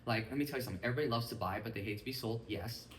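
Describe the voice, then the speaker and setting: A man giving an energetic motivational training talk to a live group, often checking that his listeners follow him. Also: medium pitch, racing, noisy background. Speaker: business mindset trainer. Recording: echoey room, mic at a distance.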